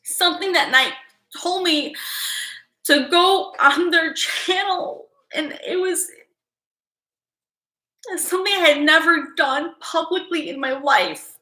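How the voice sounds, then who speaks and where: A woman tarot reader speaks to her live audience in a high, bright voice, her words halting and doubling back. She is fighting back tears throughout. The sound carries an echoey room around it. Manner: halting, repeats herself, near tears. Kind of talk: emotional livestream talk to viewers.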